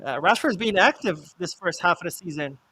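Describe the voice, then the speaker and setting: A man's voice: high-pitched, lively intonation, fairly quick, pushed and bright, husky, dry recording. A man hosting a live football watch-along, reacting to the match, reading chat messages aloud and swearing when his team misses chances.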